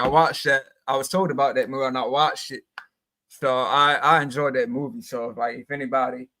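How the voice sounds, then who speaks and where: Male podcast co-host, mid-pitched, relaxed and hesitant. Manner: easygoing, hesitant with many "like" fillers. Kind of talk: casual podcast chat.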